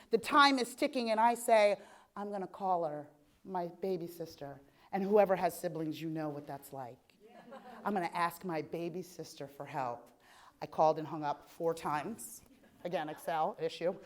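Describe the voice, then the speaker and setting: A woman in her thirties, an animated keynote speaker giving a motivational talk at a conference, often checking in with "right?". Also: on the high side. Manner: animated, repeats "right?" to the audience. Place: conference hall.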